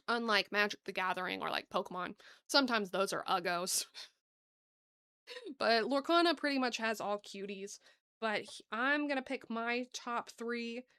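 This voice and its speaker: A woman with a Southern US accent hosting a casual card-opening video, bubbly and gushing, thinking aloud and laughing softly as she talks to viewers. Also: on the high side, clear, resonant tone, dry recording, studio quality. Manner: bubbly, gasping and gushing over cute cards. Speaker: card-opening channel host.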